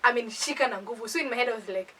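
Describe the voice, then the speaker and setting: A woman's voice: a little high, very fast, far from the mic, a little hiss or hum, rough recording. A young Kenyan woman with a Kenyan accent, animatedly telling a playful storytime in a casual chat. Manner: animated, playful, dramatizes with acted asides.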